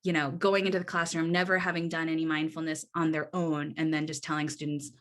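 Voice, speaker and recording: A woman's voice: deep voice, flat delivery, quick pace, hardly any pauses. A woman presenting a workshop over a video call, earnest and conversational, with frequent restarts and a tag of "right?". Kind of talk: online workshop talk.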